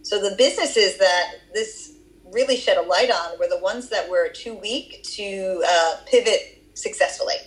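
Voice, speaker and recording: A woman's voice: mid-range voice, measured pace, low-quality recording. A woman with a Boston accent answering interview questions about her research, explaining at length with occasional fillers. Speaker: research guest.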